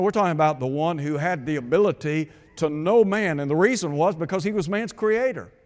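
Man, preacher, radio sermon, rhetorical questions, emphatic repeats, slightly high voice. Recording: long hall reverb.

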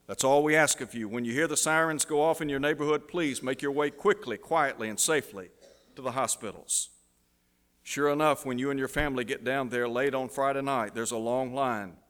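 Male preacher, mid-pitched, dramatic storyteller who drops to a hush; recorded with long hall reverb. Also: fairly quick, smooth. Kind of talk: sermon illustration, storytelling.

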